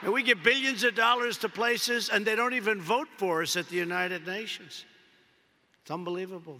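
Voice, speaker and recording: His high voice sounds pushed and bright as this politician gives a rally speech at an ordinary pace, rambling on, repeating himself, and leaning hard on superlatives. The sound carries the long reverb of a large hall.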